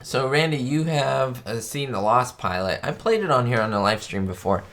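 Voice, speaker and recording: A man's voice: medium pitch, expressive, moderate pace, fairly bright tone. Chatty man hosting a live stream. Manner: chatty and enthusiastic, reading viewer questions aloud. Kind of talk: casual live stream commentary.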